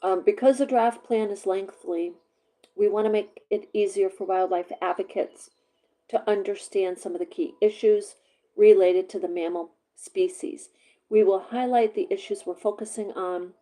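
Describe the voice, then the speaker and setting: A woman from Vermont chatting casually to her camera, rambling with many fillers, her voice a little hoarse as she works through a cough drop. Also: fairly low pitch, warm tone, poor audio. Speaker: vlogger.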